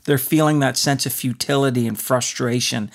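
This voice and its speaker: A man co-hosting a faith talk show, teaching in an animated, preacher-like way and acting out stories. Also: medium pitch, moderate pace, vocal fry. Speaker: podcast co-host. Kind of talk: conversational faith teaching with storytelling.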